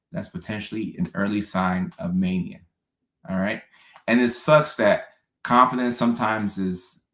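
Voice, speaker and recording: A man with a lowish voice hosts a live question-and-answer stream as a psychiatrist, reading out viewer comments in a loose, casual way. He tends to repeat a line twice for emphasis. The sound is echoey, as if he is in a bare room.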